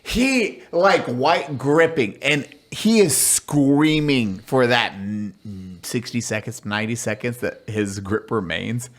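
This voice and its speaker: A man who served in the army tells basic training stories in a casual, crude and animated way. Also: medium pitch, takes it slowly, hardly any pauses. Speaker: army veteran telling stories. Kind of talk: casual podcast storytelling.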